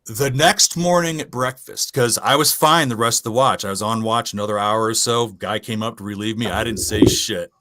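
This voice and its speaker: A man casually telling a profane, animated ghost story from his Navy days. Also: fairly low pitch, moderate pace, few pauses. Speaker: guest storyteller.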